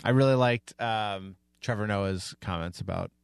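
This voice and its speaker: A man's voice: fairly low pitch, normal speed, vocal fry, clean tone, no echo, clean studio sound. A man co-hosting a casual podcast, giving wry, opinionated takes. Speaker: podcast co-host.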